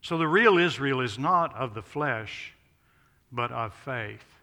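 A man's voice: mid-range voice, lively intonation, slow, pushed and bright. A man preaching an expository sermon, stressing contrasts with rising emphasis. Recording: long hall reverb.

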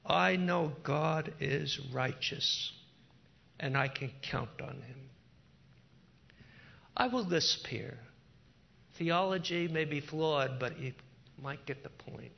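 Slow gravelly guy preaching a sermon, dull lo-fi recording. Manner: slow, emphatic preaching that climbs in pitch and force when storytelling.

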